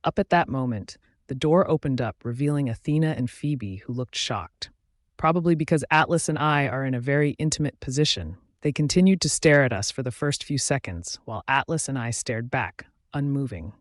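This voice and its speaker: A man reading a romance novel aloud in a steady, even first-person narration. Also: medium pitch, brisk, no room sound, clean studio sound. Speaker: audiobook narrator.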